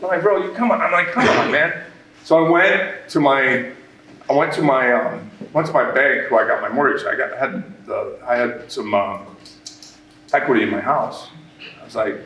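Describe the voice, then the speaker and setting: A man's voice: medium pitch, moderate pace, a little hiss or hum. A man who runs a business, telling an audience a long story about his start, with many restarts and quoted remarks. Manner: rambling, animated, with many restarts. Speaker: business owner speaking at a workshop. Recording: echoey room, mic at a distance.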